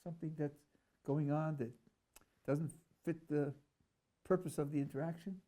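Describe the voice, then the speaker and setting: A man's voice: a little high, steady tone, moderate pace, mellow. A rabbi teaching a class, reading a text aloud and analyzing it, stressing words and putting questions to his listeners. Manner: emphatic, acts out the dialogue he reads.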